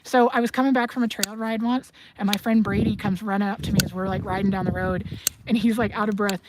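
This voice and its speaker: A woman hosting a casual livestream, chatting, telling animated stories and reading chat questions aloud. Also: fairly high pitch, quick pace, noisy background. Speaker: host of a livestream. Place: outdoors at a horse barn.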